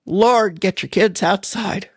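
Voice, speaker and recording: A woman's voice: medium pitch, slow, darkish tone, husky, no echo, studio quality. A middle-aged woman hosting a podcast, chatting in a folksy, rambling way and laughing often. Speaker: podcast host. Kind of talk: casual rambling monologue.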